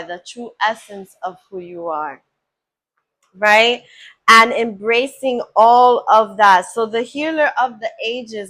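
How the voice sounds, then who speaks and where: Woman card reader, higher pitch, unhurried, earnest, affirming spiritual tone. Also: fairly bright tone. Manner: slow, earnest and affirming, often checks in with "right?". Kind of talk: spiritual oracle card reading.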